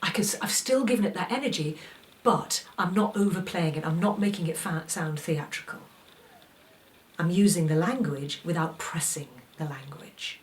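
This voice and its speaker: A woman with a fairly low voice teaches aspiring actors, coaching them through a checklist of rhetorical questions. She sounds a little distant from the microphone. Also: normal speed. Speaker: acting teacher. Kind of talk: instructional talk to aspiring actors.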